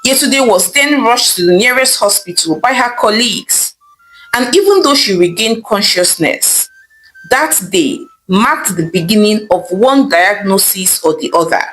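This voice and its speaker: A woman reads a folk tale aloud as a scripted narration. Her delivery is lively and expressive, with pitch swinging up and down. Faint music plays underneath her voice. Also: measured pace, poor audio. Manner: lively storytelling. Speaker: storyteller.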